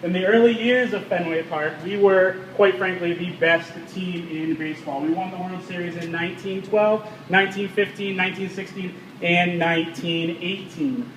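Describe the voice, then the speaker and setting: A man's voice: high voice, fairly even intonation, normal speed, hardly any pauses, fairly bright tone. A man leading a guided ballpark tour, telling stories and quizzing the group. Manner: storytelling, quizzes the crowd. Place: outdoors at a ballpark. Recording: distant and echoey, with background noise.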